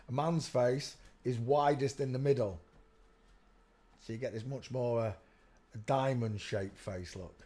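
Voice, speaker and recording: This live-stream host is a man whose voice sits at medium pitch with a warm tone. His talk is loose and meandering, and he repeatedly tells his audience to "look" at the pictures he's pointing to.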